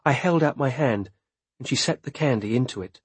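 A man narrating a story in a measured, expressive reading voice. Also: medium pitch, slightly rough, dry recording. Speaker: audiobook narrator. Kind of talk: scripted narration.

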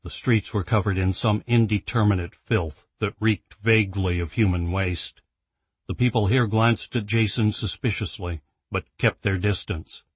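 A man narrating an audiobook in an even, measured storytelling voice. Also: lowish voice, breathy edge, dry recording. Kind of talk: scripted narration.

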